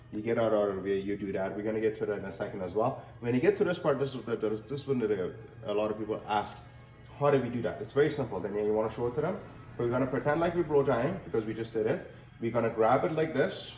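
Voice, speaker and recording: This is a male hair stylist with a mid-range, darkish voice, casually demonstrating a technique in a salon. He speaks instructively and tends to repeat himself. The room is echoey, with faint ambience.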